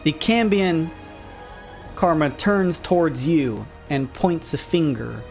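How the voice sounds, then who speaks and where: A man acting as game master, narrating a tabletop game in a relaxed, rambling way with plenty of fillers. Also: a little high, slow, vocal fry, faint music behind.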